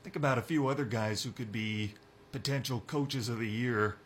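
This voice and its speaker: A young man hosting a sports radio show, talking football in a brisk, opinionated way. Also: mid-range voice, a little hiss or hum. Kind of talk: casual sports talk.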